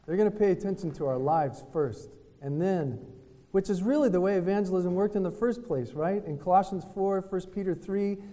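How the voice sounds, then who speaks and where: Man, high-pitched voice, lively storytelling preacher, retreat speaker, long hall reverb from a hotel conference room. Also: moderate pace. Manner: lively storytelling that acts out other people's words. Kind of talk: preaching talk to a men's retreat.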